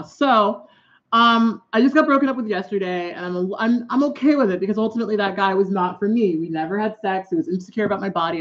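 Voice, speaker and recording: A woman's voice: medium pitch, a little hiss or hum. A woman vents bluntly to her camera in a casual vlog and swears freely. She talks while she puts on her eyeliner. The audio is dull and lo-fi, like a home video. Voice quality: heavy swearing, exasperated and blunt. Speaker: vlogger.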